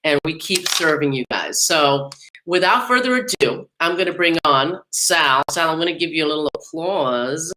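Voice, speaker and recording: Bright, low-voiced woman hosting a chatty show. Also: lively intonation, normal speed, rough recording. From New York / New Jersey area. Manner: chatty, laughs often, many fillers. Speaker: podcast host. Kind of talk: casual livestream talk.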